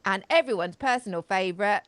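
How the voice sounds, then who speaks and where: A woman's voice: medium pitch, fairly quick, fairly bright tone, smooth, no echo. A woman hosting a live stream, giving sarcastic, chatty commentary and talking straight to her audience. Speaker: host. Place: home studio, live video.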